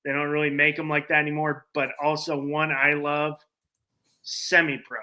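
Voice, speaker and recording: A man's voice: fairly high pitch, completely flat delivery, normal speed, sharp tone. A man talking on a sports podcast in casual chat, eager and stumbling over his words.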